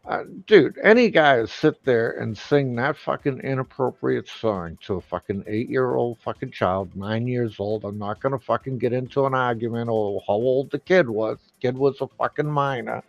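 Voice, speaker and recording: A man hosting a live stream, delivering an angry, profane rant full of loud outbursts. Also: mid-range voice, normal speed, creaky, hardly any pauses, dry recording, highs cut off, soft background music. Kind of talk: profane ranting monologue.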